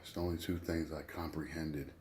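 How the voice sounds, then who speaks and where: A man's voice: a bass voice, flat delivery, a little fast, noisy background. A man talking candidly and at length in a casual vlog, rambling and confessional.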